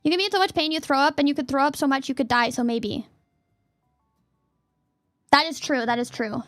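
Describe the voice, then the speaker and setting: A woman streamer chatting casually and reading questions aloud, giggly and playful, sometimes bursting into a yell. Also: high voice, a little fast, no room sound.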